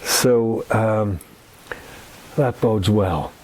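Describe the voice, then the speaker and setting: Slow, low-voiced Northern Irish man in his eighties. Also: slight background noise. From Northern Ireland. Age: 80s. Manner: unhurried, gentle, recites verse with lilting emphasis. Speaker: guest speaker. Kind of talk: reflective talk with poetry recitation.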